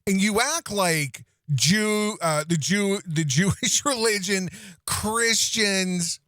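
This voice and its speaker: Slow, exasperated male commentator. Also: sits high, a bit bright, no room sound, clean studio sound. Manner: exasperated and drawn out. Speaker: podcast host. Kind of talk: commentary on a played clip.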